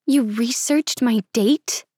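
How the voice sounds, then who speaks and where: A woman reading aloud and voicing a sharp, sarcastic young woman. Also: fairly high pitch, takes it slowly, husky, no echo, studio quality. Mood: angry. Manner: tart and sarcastic.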